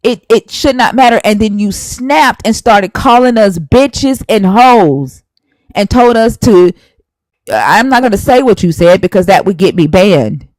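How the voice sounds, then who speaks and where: A woman's voice: medium pitch, animated, measured pace, darkish tone, dry recording, poor audio. A woman hosting a live stream, arguing heatedly and scolding a viewer while citing scripture verses. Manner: emphatic, scolding, cites scripture.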